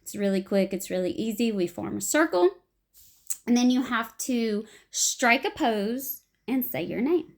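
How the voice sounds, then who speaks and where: Young female improv teacher, animated, slightly high voice, beginner lesson. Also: a little slow. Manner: animated, acts out short example lines.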